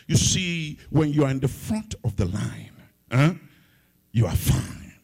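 A middle-aged man from Africa preaching a sermon as pastor, swinging between loud sung-out phrases and hushed, low asides. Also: animated, normal speed, gravelly, slightly rough.

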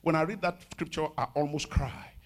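A man in his fifties preaching a sermon as pastor, animated, with sudden shouts and soft asides. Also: a little high, brisk, a little hiss or hum. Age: 50s.

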